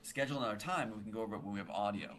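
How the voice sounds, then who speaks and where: A man's voice: on the low side, very fast, fairly bright tone. A man in casual chat on a played-back clip, rambling with fillers and repeated phrases.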